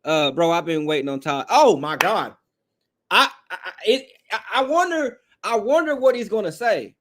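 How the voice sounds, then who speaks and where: A man's voice: high-pitched, lively intonation, moderate pace, fairly bright tone. A man hosting a live fan call-in show, talking bluntly and profanely while reading chat comments. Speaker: podcast host.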